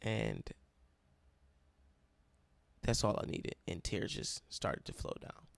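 Gravelly young man sharing a testimony. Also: low-pitched, sing-song, slow pace, no echo. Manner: emotional and self-described dramatic, near tears. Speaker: college Bible study leader. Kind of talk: personal testimony storytelling.

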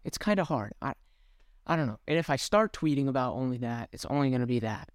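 A young man co-hosts a casual podcast in a smooth, clear voice. He talks hesitantly, restarting his sentences and filling the gaps with "like" and "uh". The sound is dry and close. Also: mid-range voice, lively intonation, quick pace, dry recording. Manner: hesitant, restarts often, many fillers. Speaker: podcast co-host. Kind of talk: casual chat.

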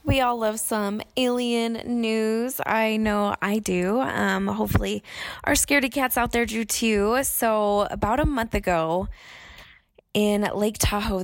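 A woman's voice: medium pitch, no room sound. A woman co-hosting a podcast, reading out news in an upbeat, chatty way. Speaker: podcast co-host.

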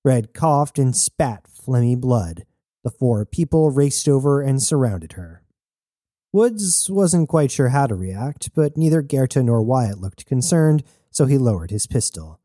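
A man reading a novel aloud as narrator in a steady storytelling manner. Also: mid-range voice, a little slow, no echo, clean studio sound. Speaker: audiobook narrator. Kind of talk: scripted narration.

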